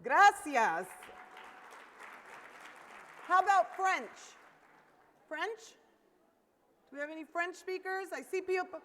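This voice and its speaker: A woman's voice: extremely high pitch, expressive, slow, long pauses, a bit bright, a faint crowd. A woman giving an interactive keynote at a conference, upbeat and coaxing the audience to call out greetings. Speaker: keynote speaker. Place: large conference hall. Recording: long hall reverb.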